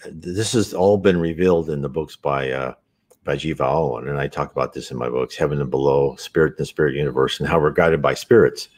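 A man's voice: rumbling low, steady tone, brisk, a little mellow. A man hosting an unscripted spiritual talk, earnest and rambling, with frequent restarts and asides.

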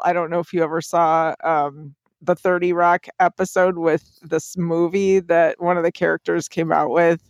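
A woman's voice: on the low side, no echo, clean studio sound. A young adult woman hosting a podcast in casual chat, playful and giggly, often tripping over her words. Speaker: podcast host.

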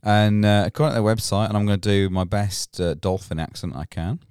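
A man's voice: fairly low pitch, a little fast, a little mellow, clean tone, no echo, clean studio sound. A northern English man co-hosting a beer podcast in jokey, rambling casual chat. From northern England. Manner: jokey, rambling, says yeah a lot. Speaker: podcast co-host.

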